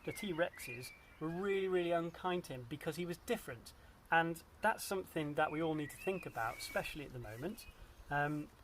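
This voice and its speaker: A man, a primary school teacher, reading a picture book aloud to a child in a gentle, expressive way and asking the child questions as he goes. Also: fairly high pitch, slight background noise.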